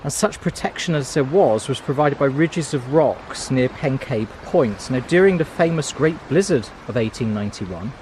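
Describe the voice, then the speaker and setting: Man co-host, dry and teasing, mid pitch, faint outdoor hiss behind. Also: expressive, normal speed, hardly any pauses, darkish tone, low-quality recording. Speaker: walking vlog co-host. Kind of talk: casual chat, reading signs aloud. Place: outdoors on a coastal walk.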